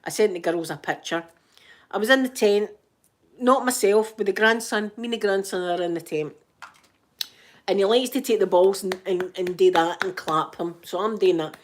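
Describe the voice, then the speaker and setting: Scottish woman, fifties, sore throat, soft rambling ASMR chat with a self-mocking streak. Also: medium pitch, normal speed. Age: 50s. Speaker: ASMR channel host.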